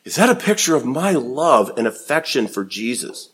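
A man preaching a sermon, swinging from quiet low passages to emphatic raised peaks. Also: big pitch swings, moderate pace, husky. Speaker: pastor.

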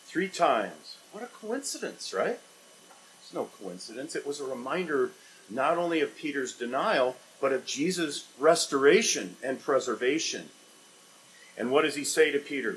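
A man preaching a sermon as a pastor, asking rhetorical questions and swinging between loud emphatic lines and quiet, low ones. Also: expressive, moderate pace, a little hiss or hum, low-quality recording. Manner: dynamic preaching with sharp swings in loudness and pitch, rhetorical questions.

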